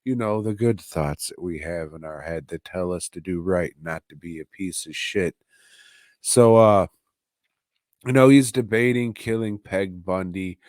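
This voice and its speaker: A man's voice: deep voice, darkish tone, dry recording, clean studio sound. A man hosting a podcast from home, recapping a show in a casual, profane, offhand way. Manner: profane, offhand, slow and drawling. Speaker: podcast host reviewing a TV episode.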